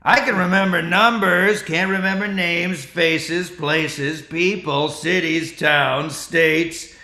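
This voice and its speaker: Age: older. Figure: a man doing a wry veteran stand-up comic. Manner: measured listing riff. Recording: roomy. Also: a little high, steady tone, sharp tone, full character voice. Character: late male stand-up comic, listing numbers. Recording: roomy echo.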